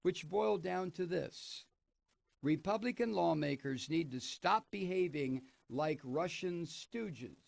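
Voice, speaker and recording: Male radio host, political commentary, sardonic, profane, fairly high voice, gravelly. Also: unhurried, no room sound. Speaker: radio talk show host. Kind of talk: political commentary, reading and remarking on an article.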